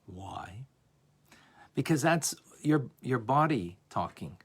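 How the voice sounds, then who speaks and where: A man teaching a lively class on a religious text, asking "right?" often and acting out examples. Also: lowish voice, normal speed, husky. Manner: animated, playful, acts out examples, frequent "right?". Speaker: Torah teacher.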